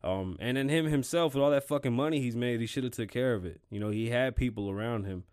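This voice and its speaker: A man's voice: medium pitch, fast talker, darkish tone, smooth. Laid-back, foul-mouthed male podcast host. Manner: loose, profane, rambling street talk. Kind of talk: casual solo podcast monologue.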